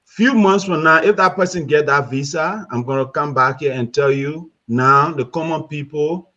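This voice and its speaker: A man's voice: fairly high pitch, moderate pace, pushed and bright. A man on a casual panel, upbeat and persuasive, walking through everyday examples. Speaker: panel co-host. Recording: dull, lo-fi sound.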